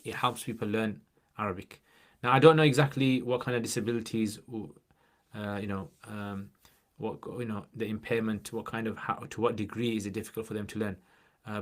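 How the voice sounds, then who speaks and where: Chatty man hosting a livestream. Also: fairly low pitch. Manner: chatty and joking, scattering in religious Arabic phrases. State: slight chesty cough. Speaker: livestream host answering viewer questions. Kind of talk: casual livestream chat.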